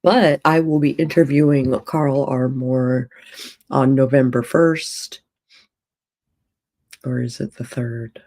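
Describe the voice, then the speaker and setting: A woman talks unhurriedly on a casual livestream, rambling as she thinks out loud. Her voice is mellow and relaxed, and she takes her time. She is speaking from a hotel room. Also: extremely low pitch, takes it slowly, pauses often. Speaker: author and streamer.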